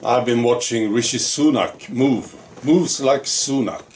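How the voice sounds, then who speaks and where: A man giving casual video commentary, musing and drifting along with pauses and fillers. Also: medium pitch, a little mellow, distant mic, slight background noise.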